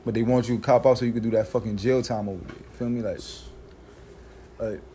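A New man in casual podcast banter, his voice sitting at an ordinary middle pitch. He jokes around in thick street slang. A faint layer of noise runs under the recording. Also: steady tone, fairly quick, warm tone. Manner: loose, joking, heavy slang. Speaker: podcast co-host.

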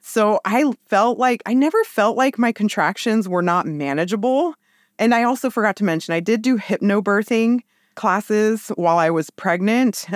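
A woman in her thirties tells a personal story as a podcast guest, in a relaxed, chatty way. She jumps into bright, lively voices for quoted lines. Her pitch sits in the middle of the range, and the recording is close and dry. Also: moderate pace, dry recording. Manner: warm, animated retelling with lively quoted voices. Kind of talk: casual storytelling.

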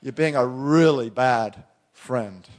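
A man's voice: mid-range voice, slow pace. A man preaching a sermon as pastor, talking directly and emphatically and firing rhetorical questions at his listeners.

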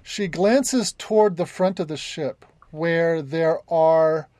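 Woman game master narrating a tabletop game, halting, lots of ums, dry close sound. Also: deep voice, mellow, dry recording. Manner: hesitant, many restarts and fillers.

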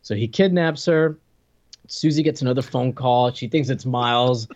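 A man's voice: mid-range voice, normal speed, a little mellow, muffled recording. A man co-hosting a podcast, chatting casually and recapping movie scenes with frequent laughter. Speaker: podcast co-host reviewing a movie. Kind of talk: casual chat.

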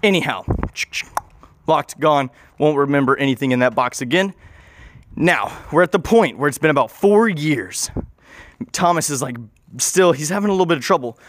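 A young man rambling through a goofy, improvised story, voice bouncing around a lot as he goes. He sits somewhat high for a man and keeps correcting himself mid-sentence. The sound is dry and close. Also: expressive, normal speed, no echo. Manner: goofy, rambling, self-interrupting.

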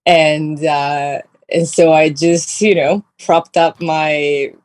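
A woman's voice: sits low, fairly even intonation, takes it slowly, darkish tone, no room sound. A woman from Italy with an Italian accent, speaking as a guest over a phone video call from her bedroom, breezy and a little sassy. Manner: breezy, sassy, many fillers. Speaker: guest actress. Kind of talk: casual interview chat.

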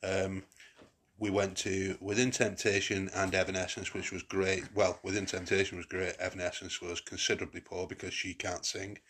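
Deep husky man chatting on a podcast. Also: flat delivery, normal speed, a bit bright. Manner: rambling, many restarts and fillers. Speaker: podcast host. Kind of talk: casual chat.

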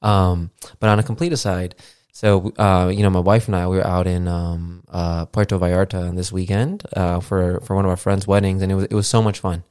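Deep-voiced man rambling on a podcast. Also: flat delivery, a little fast, a little mellow, clear, resonant tone, no room sound, studio quality. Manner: rambling, heavy fillers, casual swearing. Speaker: podcast host. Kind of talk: casual solo podcast monologue. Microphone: podcast mixer with studio mic.

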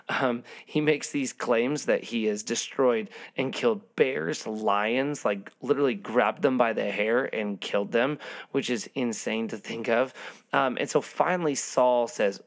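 A man's voice: medium pitch, a little slow. A man casually retelling a Bible story as a teacher, loose and full of ums and restarts. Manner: loose, filler-heavy storytelling with frequent ums.

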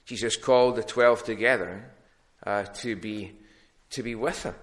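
A man's voice: on the low side, measured pace. A middle-aged man, a pastor, preaching an earnest, plain-spoken sermon with frequent restarts.

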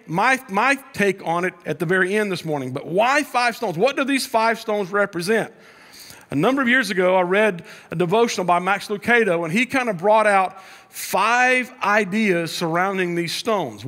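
A man's voice: sits high, a bit bright. A man pastor preaching a sermon in a conversational way, with frequent restarts and mounting emphasis as he tells the story.

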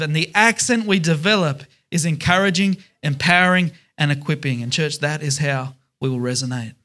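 A man's voice: on the high side, moderate pace, few pauses, a bit bright. A man preaching a sermon as pastor, emphatic, stressing words in repeated lists.

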